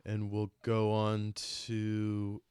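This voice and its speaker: Deep, unhurried male game master, dry close sound, easy laughs. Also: clean tone, no echo. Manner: relaxed, laughs often. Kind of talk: running a tabletop game over a video call.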